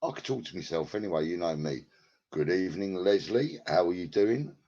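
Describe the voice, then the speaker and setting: A man's voice: sits low, expressive, a little fast, warm tone. A man chatting casually to his live-stream viewers from home on a headset, rambling, crude and full of swearing as he greets people by name. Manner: rambling, crude and profane, banters with chat by name. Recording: lo-fi, dull sound.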